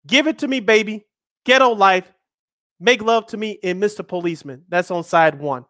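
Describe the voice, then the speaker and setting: A man's voice: high voice, moderate pace, a bit bright, no echo, studio quality. A man in his thirties hosting a live sports radio show, chatty and jokey, reading out lists with emphasis. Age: 30s. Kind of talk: casual radio sports talk.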